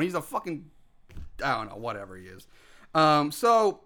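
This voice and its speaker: Brief: male podcast co-host, high and bright-toned, ranting about a movie, swears a lot, fed up. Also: very animated, fairly quick. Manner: exasperated, profane ranting. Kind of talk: casual chat.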